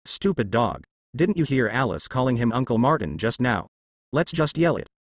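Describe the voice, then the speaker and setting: A man's voice: mid-range voice, big pitch swings, moderate pace, no echo. A man reading as a scornful little black cat.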